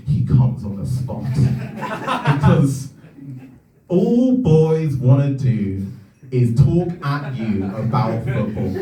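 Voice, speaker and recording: A young man performing a stand-up comedy set in a comedy club, telling stories with lively energy that climbs into excited shouts, with audience laughter behind him. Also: mid-range voice. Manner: animated storytelling, rising to shouts in excitement. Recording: echoey room, heard from a distance.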